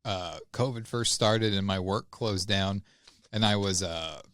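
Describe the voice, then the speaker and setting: A man with a fairly low voice chats on a podcast in a halting, easygoing way. He stops, restarts and hunts for words. The sound is close and dry. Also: fairly bright tone, clean tone, no echo. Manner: hesitant, with many fillers and restarts. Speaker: podcast co-host. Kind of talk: casual chat.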